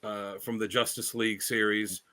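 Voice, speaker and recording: A man's voice: lowish voice, level tone, normal speed, sharp tone. A man co-hosting a podcast, telling stories in a rambling casual chat with many fillers and restarts. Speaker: podcast co-host.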